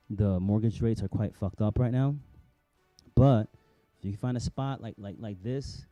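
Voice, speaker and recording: A man's voice: on the low side, mellow, dry recording. A middle-aged man from New Jersey hosting a vlog, chatty and self-mocking, rambling with many restarts. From New Jersey, USA. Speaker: vlog host. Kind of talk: casual rambling vlog talk.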